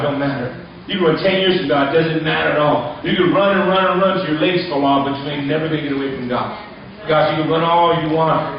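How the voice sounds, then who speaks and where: A man preaches a sermon with fervent energy, his voice climbing high and then dropping low and hushed. His voice sits a bit higher than most men's. The recording is dull and distant, with heavy echo from the church. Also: slight background noise. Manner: fervent preaching, rising and falling in pitch. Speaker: pastor.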